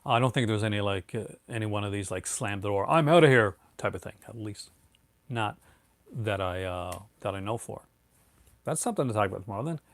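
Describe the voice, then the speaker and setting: Speaking fairly quickly in a lowish voice with no echo, a laid-back man in his thirties hosts a casual live stream. He answers viewers in a rambling way, full of fillers and restarts, and keeps calling people "man."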